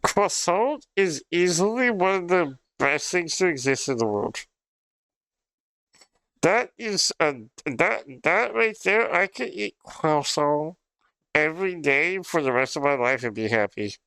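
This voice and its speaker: Slow, bright-voiced young man streaming. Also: on the high side, lively intonation, clear, resonant tone, dry recording. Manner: rambling, profane, laughs often. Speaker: livestreamer. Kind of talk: casual stream chat.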